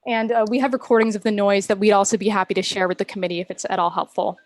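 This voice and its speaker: A woman's voice: medium pitch, flat delivery, dry recording. A young woman from Boston giving an earnest public comment on a video call about noise from the business below her apartment. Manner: earnest, measured complaint with some ums. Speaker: resident speaking at public comment. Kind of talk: public comment at a virtual meeting.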